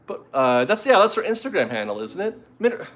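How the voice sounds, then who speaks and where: A man's voice: high-pitched, very animated, brisk, a bit bright. This is a chatty, rambling man hosting a casual live stream from home. He reads out viewer messages and is easily amused.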